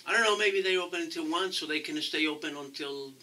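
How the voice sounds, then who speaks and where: A man with a non-native English accent answering interview questions as a political candidate, halting and restarting often. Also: on the high side, sharp tone, recorded from a distance, slight background noise, rough recording. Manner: halting, many restarts and fillers. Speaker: council candidate.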